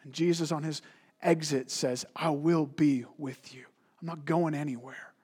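A man's voice: a little high, fairly even intonation, a little slow, darkish tone, husky. A man preaching a sermon as a pastor, emphatic, with rhetorical questions and repeated words.

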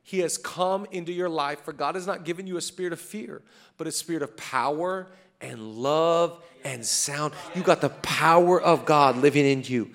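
A man's voice: fairly high pitch, moderate pace, fairly bright tone. A man in his thirties preaching a fervent sermon as pastor, repeating rallying lines.

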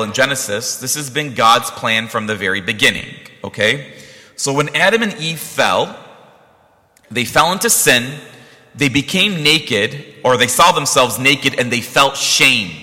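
Bright-voiced priest preaching in a reverberant church. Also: male voice, fairly high pitch. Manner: conversational, storytelling with asides. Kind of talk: sermon.

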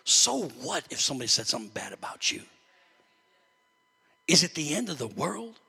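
A man preaching a sermon to his church, animated and conversational, with frequent call-outs like amen and praise God. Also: a little high, moderate pace, gravelly, husky, in a large hall. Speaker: pastor.

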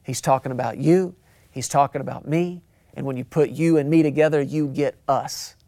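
Pastor preaching a conversational sermon. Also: male voice, mid-range voice, fairly even intonation, normal speed, mellow, no room sound. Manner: conversational, repeats for emphasis, acts out quotes.

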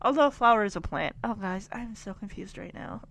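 A woman's voice: mid-range voice, expressive, brisk, creaky, a bit bright, no echo, low-quality recording. A woman casually commenting as she follows a story, chatty and giggly. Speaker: vlogger.

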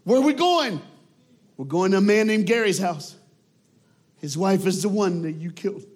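A man voicing a steady, loving father who talks his daughter round in a firm, coaxing way. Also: high-pitched, moderate pace, voice pushed up.

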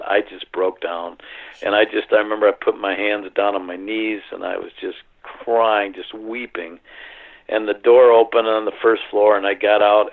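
A middle-aged man recounting a personal story in an earnest, halting way, full of fillers and restarts, over a phone line. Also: lowish voice. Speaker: interview guest.

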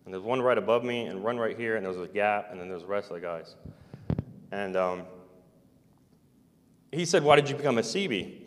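A man who served in the navy, recounting a personal experience in a casual, meandering way, with hesitations and soft chuckles. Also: on the low side, a little hiss or hum. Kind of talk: casual first-person account. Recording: long hall reverb.

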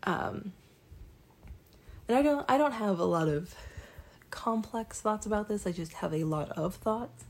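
Raspy young woman rambling casually. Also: mid-range voice, lively intonation, a little slow, long pauses. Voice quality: raspy, creaky. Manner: rambling, self-deprecating, many ums and restarts. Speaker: vlogger. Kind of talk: casual monologue.

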